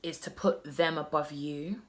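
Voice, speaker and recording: Speaking at a measured pace in a low, steady, slightly bright voice, a vlogger in her twenties talks earnestly to the camera about self-love. She's personal and sincere, often backing up to begin a sentence again.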